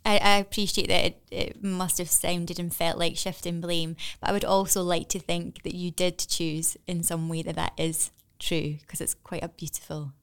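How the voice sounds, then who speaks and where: Woman interviewer: warm and hesitant, slightly low voice, smooth and clear. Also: level tone, moderate pace, few pauses. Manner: warm, complimentary, hesitant with many ums. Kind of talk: conversational interview.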